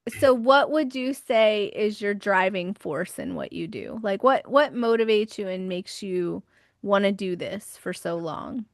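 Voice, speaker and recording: A woman's voice: medium pitch, lively intonation, measured pace, no echo. Chatty woman host, dry close sound. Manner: chatty, laughs often, frequent affirmations. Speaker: podcast host. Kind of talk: casual interview talk.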